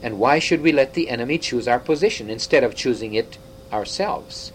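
A man reading aloud, voicing a grave, wise centaur who speaks slowly and solemnly. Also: mid-range voice, lively intonation, slight background noise, close to an everyday voice, rough recording.

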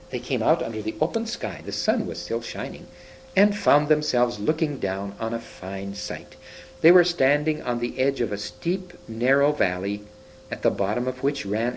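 A man reading a children's story aloud, expressive, with occasional slips and restarts. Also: medium pitch, slight background noise, low-quality recording. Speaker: reader.

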